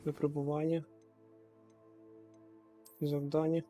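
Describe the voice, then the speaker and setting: A man from Ukraine giving casual let's-play commentary, muttering and joking at what happens on screen. His voice is mellow and fairly flat, a bit high for a man. Game music plays faintly behind. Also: takes it slowly. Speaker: gaming streamer.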